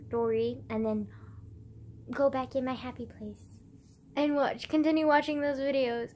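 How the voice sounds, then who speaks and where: A woman's voice: a little high, darkish tone, slight background noise. A teenage girl ranting casually in a vlog, exasperated and full of fillers and swearing. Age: teens. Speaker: vlogger.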